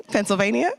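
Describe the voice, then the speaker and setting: A man's voice: extremely high pitch, creaky. Playful man hyping a conference crowd. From St. Louis. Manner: upbeat, playful crowd work with shout-outs. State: slightly strained throat. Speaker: conference host. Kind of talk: opening remarks and crowd hype.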